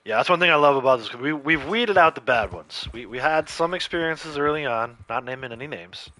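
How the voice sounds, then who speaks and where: A man's voice: medium pitch, animated, brisk, bright, forceful tone. A man hosting a casual gaming livestream, rambling and laid-back as he chats with viewers, his throat a bit scratchy from coughing. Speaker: livestream host.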